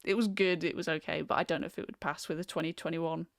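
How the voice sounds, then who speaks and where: A woman's voice: deep voice, fairly even intonation, fast, vocal fry, no echo, clean studio sound. Chatty woman hosting a film stream. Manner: chatty, reads out viewer comments, frequent ums. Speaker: host. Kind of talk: casual chat on a livestream.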